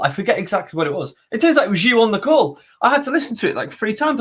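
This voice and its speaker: A man from North Wales hosting a basketball podcast, chatting casually in an animated, teasing way and correcting himself as he goes. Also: sits high, fast, breathy edge. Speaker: podcast host. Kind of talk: casual interview chat.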